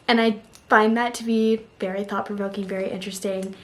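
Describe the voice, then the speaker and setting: A woman's voice: medium pitch, flat delivery, a little fast, a little hiss or hum. A young woman talking casually about books she read, chatty and full of "like" fillers. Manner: chatty, emotional, frequent "like" fillers. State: tearful, on the verge of crying. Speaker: book reviewer. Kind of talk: casual book review vlog.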